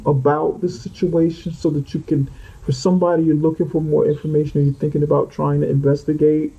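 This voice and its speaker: Gravelly low-fi male tarot reader. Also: warm tone. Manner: rambling, repeats and corrects himself. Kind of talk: unscripted tarot reading. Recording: muffled lo-fi audio.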